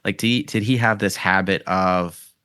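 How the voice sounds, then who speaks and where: Low-voiced man hosting a podcast. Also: steady tone, moderate pace, bright, forceful tone, smooth, no room sound, clean studio sound. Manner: rambling questions full of fillers. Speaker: podcast host. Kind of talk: casual interview chat.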